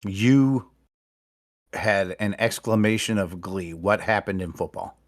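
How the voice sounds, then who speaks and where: Low-voiced man telling a profane story. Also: takes it slowly. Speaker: podcast host. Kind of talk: casual chat.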